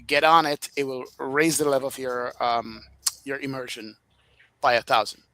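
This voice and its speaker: A man with a Jamaican accent, a flight sim streamer telling stories in casual podcast chat, animated and laughing often. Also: mid-range voice, normal speed, no room sound, rough recording.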